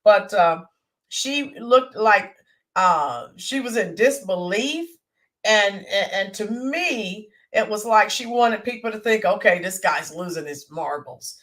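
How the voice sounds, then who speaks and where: A woman hosting a live stream, chatting casually with viewers, greeting them by name and pausing often with fillers. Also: on the high side, fairly bright tone. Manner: hesitant with fillers and restarts. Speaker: livestream host.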